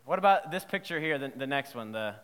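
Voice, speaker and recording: A man preaching a sermon in a playful, lively way, quizzing his audience as he goes. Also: medium pitch, a little fast, clean tone, big-room sound. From Southern United States. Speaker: pastor.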